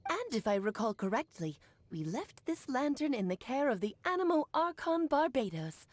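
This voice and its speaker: A woman's voice: high voice, big pitch swings, moderate pace, no room sound. A woman voicing a grand, coy and theatrical female witch mentor in a video game. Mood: storytelling. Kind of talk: game voice acting. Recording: game audio with faint music.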